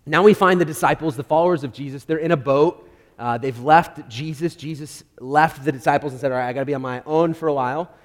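A man preaching a sermon, telling a story with lively swings between loud emphasis and quiet asides, often restarting his phrases. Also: a little high, fast. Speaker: pastor. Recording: long hall reverb.

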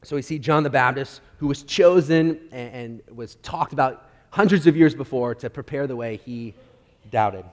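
Male pastor, mid-range voice, animated sermon storytelling with loud-to-soft swings, recorded in a reverberant hall. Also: mid-range voice, moderate pace. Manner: animated storytelling, with frequent restarts and swings between loud and quiet.

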